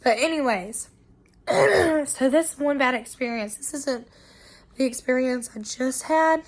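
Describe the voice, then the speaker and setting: Young woman, hoarse and short of breath, chatty vlog storyteller with a slightly high voice. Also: expressive. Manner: chatty, storytelling, quick asides. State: hoarse and winded from bronchitis. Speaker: vlogger. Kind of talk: casual chat to camera.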